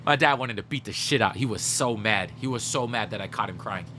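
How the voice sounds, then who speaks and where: A man's voice: fairly low pitch, a little fast, hardly any pauses, a little hiss or hum. A man streaming a video game, telling stories animatedly and swearing, talking straight to his chat and answering their messages. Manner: animated storyteller, swears, addresses chat directly. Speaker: gaming livestreamer. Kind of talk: casual livestream chat.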